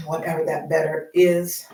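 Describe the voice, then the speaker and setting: A woman's voice: deep voice, flat delivery, measured pace, dark tone, reverberant, recorded from a distance, low-quality recording. A middle-aged woman chatting live while walking, out of breath, upbeat and encouraging, and she repeats her phrases. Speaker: vlogger.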